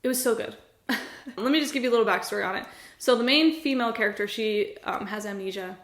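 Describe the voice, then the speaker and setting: A woman's voice: on the high side, fast. A young woman talking casually and earnestly about her favorite books, gushing and laughing as she chats. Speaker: book vlogger. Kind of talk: casual book review chat. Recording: echoey room.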